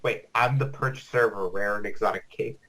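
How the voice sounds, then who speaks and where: A man's voice: fairly low pitch, fairly quick, fairly bright tone. A man playing in a tabletop game over voice chat, laid-back with short replies. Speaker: player. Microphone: online voice chat mic.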